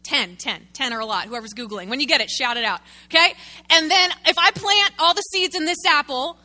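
An animated woman pastor delivering a sermon, her voice high and very bright. She keeps calling out to the congregation and drawing them in with questions. Her delivery is lively and direct. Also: brisk. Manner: animated, talks with the congregation, uses a prop.

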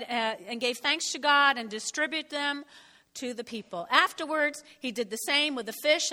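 A woman's voice: high-pitched, pushed and bright, big-room sound. A woman reading a Bible passage and explaining it in a conversational way. She often asks "okay?" and acts out the lines she quotes. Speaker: Bible teacher.

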